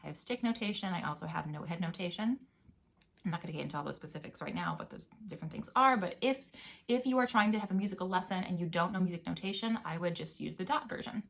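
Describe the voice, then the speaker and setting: A woman's voice: on the low side, fast, creaky, fairly bright tone. A young adult woman, a music teacher, giving a casual, chatty video lesson and chanting rhythm words now and then.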